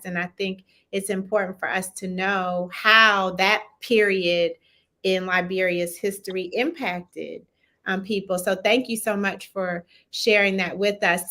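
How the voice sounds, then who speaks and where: A woman's voice: medium pitch, bright, forceful tone. A woman hosting a live interview, appreciative and attentive toward her guest. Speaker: interview host.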